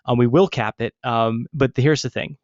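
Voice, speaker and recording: A man co-hosting a live webinar as a business coach, talking casually and excitedly, rambling with many restarts and fillers. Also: mid-range voice, normal speed, dry recording. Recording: dull lo-fi online call audio.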